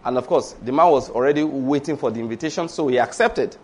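A man's voice: medium pitch, fast, husky. A man preaching a sermon, telling a story with emphasis and rhetorical questions.

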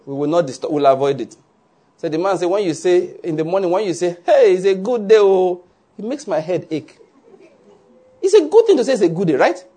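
Male preacher, husky voice on the high side, animated sermon delivery, keeps asking the crowd if they get it. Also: brisk. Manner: animated, asks "are you getting my point?" often, laughs along. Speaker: pastor.

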